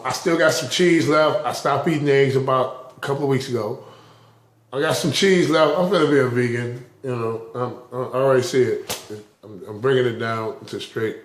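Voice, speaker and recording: Emotional rambling man in a roomy space. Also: mid-range voice. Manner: rambling, repeats words in restarts; openly emotional, laughing and tearing up. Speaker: vlogger. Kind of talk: casual spoken vlog.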